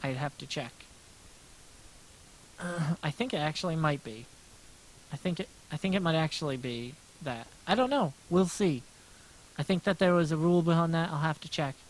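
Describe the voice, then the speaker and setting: An American man with a gentle, smooth voice, rambling casually to his livestream chat while he draws, self-deprecating and answering questions as they come. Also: a little high, normal speed, pauses often, low-quality recording. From United States. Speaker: livestreaming artist.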